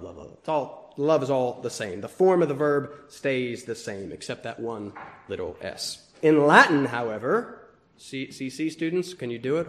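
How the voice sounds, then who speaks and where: A pastor preaches a sermon in a medium-pitched voice, swinging between loud emphasis and hushed asides. Now and then he teases the congregation.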